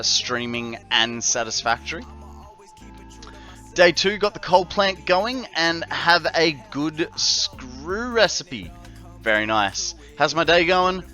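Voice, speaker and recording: Australian man, casual streamer, slow unhurried delivery, bright tone, faint music behind. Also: mid-range voice. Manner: jokey, chatty, many fillers. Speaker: game streamer. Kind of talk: casual live-stream chat.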